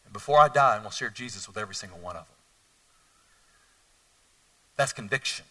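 A middle-aged man preaching a sermon as a pastor, telling stories animatedly and swinging between hushed and loud delivery. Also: on the low side, expressive, brisk, recorded from a distance.

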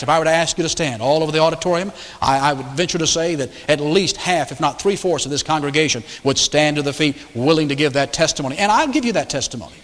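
A male pastor preaching a sermon in a church auditorium, with rhetorical questions and emphatic repetition. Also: fairly high pitch. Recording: echoey large hall.

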